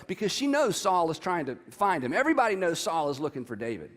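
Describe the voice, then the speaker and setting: A man preaching a sermon, reading scripture aloud with lively emphasis and talking straight to his congregation. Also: on the high side, fast talker, hardly any pauses, in a large hall. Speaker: pastor.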